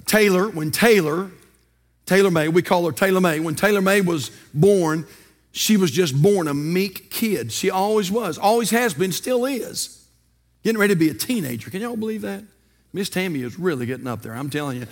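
A long reverb tail follows the high-pitched voice of an older man delivering a sermon as pastor. He keeps things folksy, spinning stories and asking rhetorical questions.

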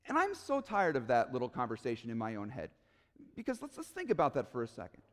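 A man's voice: mid-range voice, wildly swooping pitch, quick pace, long reverb tail. A man preaching a sermon in a church, earnest and pleading, building to emphatic peaks. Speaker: pastor.

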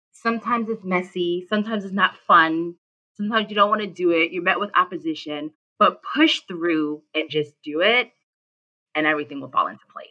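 Low-voiced woman giving measured advice. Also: pushed and bright, dull audio. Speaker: guest. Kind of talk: interview answers.

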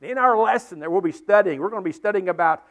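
A male pastor delivers a Sunday sermon in a high voice. He talks earnestly, circling back to repeat his points and rising into emphatic peaks before easing down again. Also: fast, a bit bright. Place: church sanctuary with congregation.

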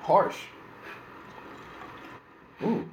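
A man's voice: very slow, muffled recording. A young man co-hosting a podcast, a teacher telling blunt, profane stories in casual chat. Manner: blunt, profane, animated storytelling. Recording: echoey room, faint background noise.

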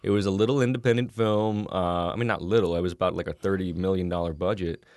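A man in his thirties from Texas, a podcast guest telling stories in a loose, animated way, swearing freely and restarting his sentences. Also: sits low, fast talker, dry recording, clean studio sound. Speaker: guest actor and musician. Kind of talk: casual podcast chat.

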